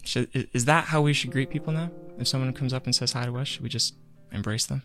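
A man's voice: mid-range voice, fast talker, faint music behind. A man co-hosting a podcast, telling a story in casual chat and acting out the quotes. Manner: animated storytelling, acts out quotes. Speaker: podcast co-host.

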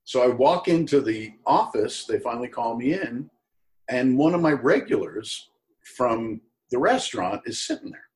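A middle-aged man, an actor as a guest, casually telling an anecdote and acting out the people in it with jumps up in pitch. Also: moderate pace. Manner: animated storyteller who acts out quoted voices in a higher pitch.

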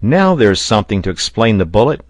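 Man voicing a bluff, loud sailor. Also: low-pitched, huge pitch swings, normal speed, no echo, studio quality, heavily acted. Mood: emphatic. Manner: forceful, exclamatory.

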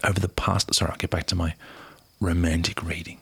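A man casually reading a news article aloud in a soft, unhurried voice, often half-whispering and chatting in between. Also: low-pitched, flat delivery, creaky, husky. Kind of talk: casual read-aloud with asides.

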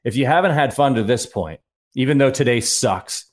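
A man's voice: mid-range voice, lively intonation, moderate pace. A man hosting a sports fan podcast, talking in an earnest, rambling way with restarts. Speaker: podcast host. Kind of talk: casual podcast talk.

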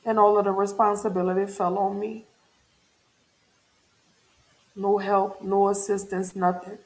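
A grieving woman vlogger speaks to her viewers in an emotional personal check-in, open and earnest, repeating phrases for emphasis. Her voice is medium-pitched with little pitch movement, at a measured pace.

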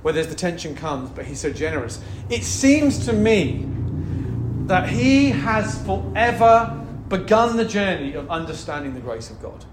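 A male pastor delivers a sermon in a relaxed, conversational way that keeps rising into passion, with lots of asides to the congregation. His voice sits fairly high for a man. The recording is roomy, with faint background noise. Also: a little slow. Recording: roomy echo.

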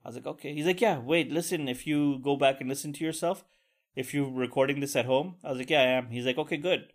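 This is a casual solo podcast rant from a young male host, who tells a rambling, foul-mouthed story peppered with crude venting. He speaks quickly at a medium pitch.

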